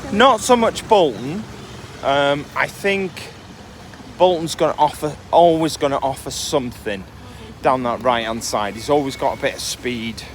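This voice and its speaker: Talking football on a podcast he co-hosts, this man is chatty but hesitant, dropping frequent ums while recording outdoors on the go. His voice is medium-pitched with a fairly bright tone, and a little hiss or hum can be heard.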